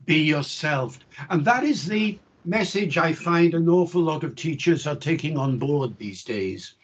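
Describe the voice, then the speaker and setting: An older male linguistics professor speaks in a measured, reflective way, leaning into key points with emphasis. His voice is husky and a little high for a man. The video call audio sounds dull and lo-fi. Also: lively intonation. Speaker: linguistics professor, interview guest. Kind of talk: explanatory interview answers.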